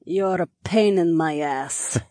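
A woman voicing a passionate, prickly dragon woman in an audiobook, with breathy, drawn-out cries. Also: lowish voice, mellow, dry recording, studio quality. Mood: grumbling, teasing.

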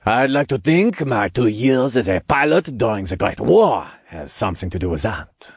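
A man's voice: mid-range voice, big pitch swings, moderate pace, slightly rough, dry recording, studio quality. Man doing an old-school French pilot, thick accent, courtly. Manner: courtly and polite.

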